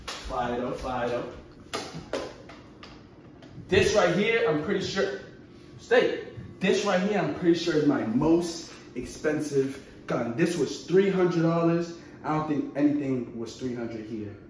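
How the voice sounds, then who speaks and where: A young man doing a casual show-and-tell vlog, excitable and slangy with frequent exclamations. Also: a little high, takes it slowly, pauses often. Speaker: vlogger showing his collection. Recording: very echoey, far from the mic, faint noise.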